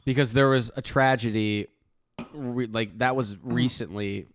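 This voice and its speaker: A man's voice: mid-range voice, measured pace. A young man, a podcast co-host, telling stories in casual chat with lots of laughing. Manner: animated storytelling, lots of laughing.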